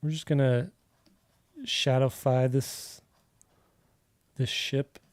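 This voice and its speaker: A man's voice: mid-range voice, steady tone, takes it slowly, darkish tone, dry recording. A man hosting a live drawing stream, chatting casually and telling a long rambling story full of fillers. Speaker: artist livestream host. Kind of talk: casual livestream chat while drawing.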